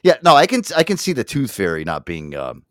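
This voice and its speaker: A man hosting a podcast in casual, profane banter, animated and quick to laugh. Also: lowish voice, no room sound, studio quality. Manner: swearing, animated, laughs often. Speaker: podcast host.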